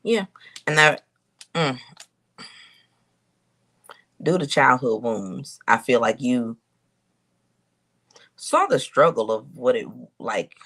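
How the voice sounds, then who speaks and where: Woman host, intuitive reader; colloquial, musing delivery with long hums, very animated pitch. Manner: musing, thinks aloud with long hums and pauses; colloquial, addresses viewers as y'all. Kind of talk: casual spiritual reading to camera.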